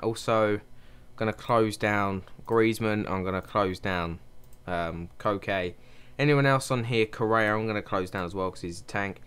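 A young man giving excitable commentary while playing a football management game, cheering his team on. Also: on the low side, clean tone. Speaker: gaming channel host.

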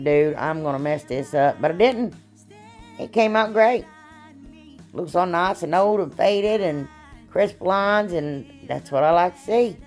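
A woman hosting a casual crafting tutorial, chatty and folksy, her voice a little froggy from allergies. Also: on the low side. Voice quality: chatty, folksy, many "anyway"s and "y'all"s. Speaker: craft channel host.

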